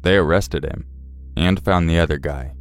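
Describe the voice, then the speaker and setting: Very deep-voiced man narrating horror. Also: moderate pace. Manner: tense, dramatic storytelling. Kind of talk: scripted first-person horror narration. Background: faint music.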